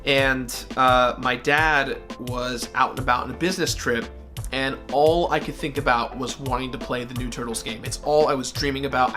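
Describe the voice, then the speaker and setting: A man telling a personal story in a casual, animated way, with a few fillers. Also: mid-range voice. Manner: animated, acts out family voices in his anecdotes. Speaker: guest gamer.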